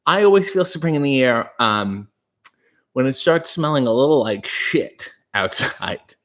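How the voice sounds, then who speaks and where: A young man hosting a casual livestream, reading chat messages aloud and answering with dry, deadpan jokes. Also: medium pitch, a little slow. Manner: deadpan, dry jokey asides.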